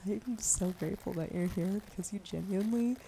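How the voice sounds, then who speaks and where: A woman in her forties, a streamer doing whispered role-play, whispering softly and teasing her chat with giggles, with a cough that keeps catching her. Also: mid-range voice, a little fast, gravelly. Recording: noisy home stream mic.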